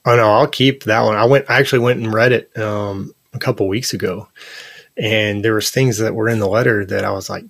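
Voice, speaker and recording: A man in his thirties, a podcast guest, telling personal stories in an earnest, animated way with lots of "like" and "you know". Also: on the low side, moderate pace, creaky, dry recording. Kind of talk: casual interview conversation.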